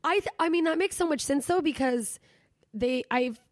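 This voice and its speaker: A woman's voice: high-pitched, moderate pace, no room sound, clean studio sound. Playful chatty woman podcast host. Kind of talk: casual podcast chat.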